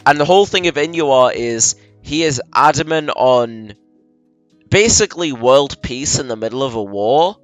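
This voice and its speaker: Smooth-voiced man rambling through a plot. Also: mid-range voice, animated, dry recording, soft background music. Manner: rambling, acts out characters in quick quoted bits. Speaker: friend explaining a game plot. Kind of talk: casual drunken chat.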